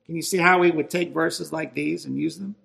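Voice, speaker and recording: A man's voice: on the high side, fairly even intonation, a little fast, creaky, a bit bright. A man preaching a sermon, emphatic and building in intensity as he stresses his points.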